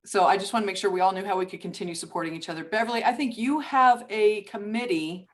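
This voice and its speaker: A woman's voice: mid-range voice, fast. Friendly woman organizer on a video call. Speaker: Rotary organizer. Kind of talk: video call panel announcements.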